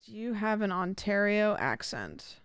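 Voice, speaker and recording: A woman's voice: medium pitch, sing-song, a little slow, clear, resonant tone, no echo, studio quality. A woman streaming a game live, chatting casually, rambling and curious with lots of fillers and questions. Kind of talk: casual live-stream chat while gaming.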